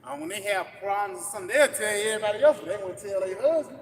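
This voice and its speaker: High, fast-talking man teaching scripture bluntly. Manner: blunt, profane, street talk with many "you got it". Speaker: camp teacher. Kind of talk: live group scripture teaching. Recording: live room with long reverb and background noise.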